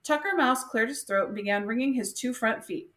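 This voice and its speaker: Woman reading a kids' chapter book aloud, high voice, echoey room. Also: fairly quick, fairly bright tone. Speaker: reader. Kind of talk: storybook read-aloud.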